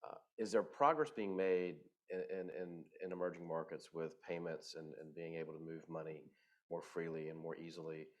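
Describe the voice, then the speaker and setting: A man moderating a conference panel who asks questions haltingly, with many restarts. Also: low voice, lo-fi sound. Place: conference stage.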